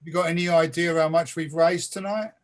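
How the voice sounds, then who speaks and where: A man's voice: a little high, fairly even intonation, fairly quick. A male poet guest chatting jokily on a video call. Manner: jokey, chatty.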